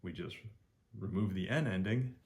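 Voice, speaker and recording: A man's voice: moderate pace, creaky, darkish tone. A man teaching Mandarin pronunciation in a friendly spoken lesson, drilling vowel sounds and encouraging the learner. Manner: encouraging, repeats sounds with rising pitch, praises learner.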